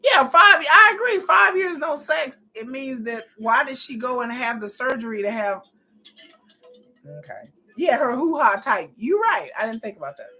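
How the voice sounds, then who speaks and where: A woman's voice: high voice, lively intonation, moderate pace, sharp tone. A woman in her forties recapping a reality show, blunt and profane, exasperated and repeating herself when riled. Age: 40s. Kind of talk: casual live episode commentary.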